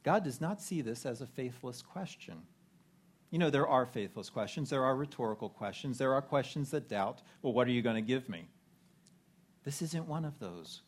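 A man's voice: medium pitch, expressive, normal speed, breathy edge. A man preaching a sermon in a conversational way, posing rhetorical questions to his listeners. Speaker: pastor.

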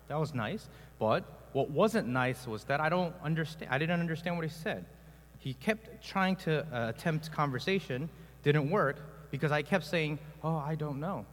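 A pastor from South Korea preaching a sermon, telling personal stories in a conversational way with many filler sounds. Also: male voice, a little high, long reverb tail.

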